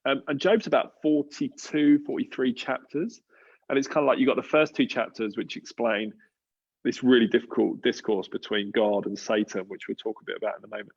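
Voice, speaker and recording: A man's voice: mid-range voice, highs cut off. A man with an Australian accent hosting a church panel, talking through a passage in a conversational, thoughtful way with many fillers and restarts. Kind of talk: casual talk on a live panel.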